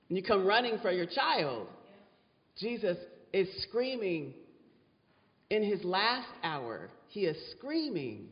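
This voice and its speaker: Guy preaching in a big echoey church, dull muffled sound, goes real slow and dramatic. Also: high-pitched, sing-song. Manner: dramatic preaching, repeats words for effect. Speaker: pastor. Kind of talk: sermon. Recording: dull sound with long hall reverb.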